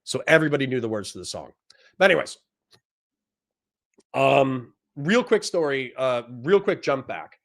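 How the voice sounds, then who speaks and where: A man's voice: medium pitch, expressive, normal speed, long pauses. A man, a Marine veteran, telling a rambling, profane story in casual chat and often breaking into laughter.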